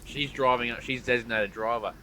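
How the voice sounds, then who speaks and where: An Australian man spins a crude, sweary story in relaxed podcast chat, chuckling through it. His voice sits at a mid pitch. There's a clear hiss of noise under the recording. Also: brisk, poor audio. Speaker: podcast co-host.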